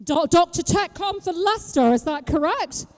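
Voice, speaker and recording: British woman activist, very high voice, rousing rally speech, reverberant outdoor recording. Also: expressive, moderate pace. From Britain. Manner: rousing, rhetorical questions to the crowd, bursts of shouting. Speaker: street activist speaking at a rally. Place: outdoor public square at a rally.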